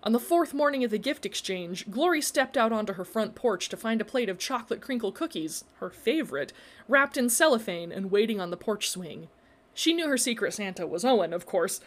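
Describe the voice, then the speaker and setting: A woman narrating a story in a measured, expressive reading. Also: mid-range voice.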